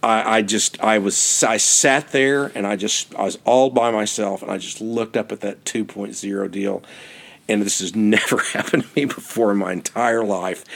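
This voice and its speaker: An American man telling a personal story for his podcast, animated and laughing often as he repeats himself. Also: on the low side, moderate pace, vocal fry.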